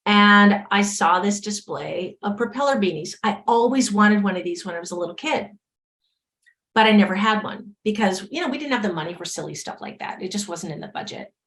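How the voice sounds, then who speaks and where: A woman's voice: medium pitch, expressive, fairly quick, fairly bright tone. Woman quoting a chatty grandpa neighbor. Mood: reminiscing. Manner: chatty and reminiscing. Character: friendly older male neighbor, a grandpa.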